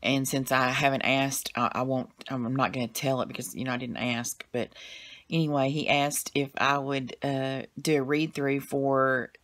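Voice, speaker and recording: Low-voiced Southern woman chatting. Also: steady tone, moderate pace, a bit bright. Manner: chatty, rambling, many fillers and restarts. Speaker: vlogger. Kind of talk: casual chat to camera.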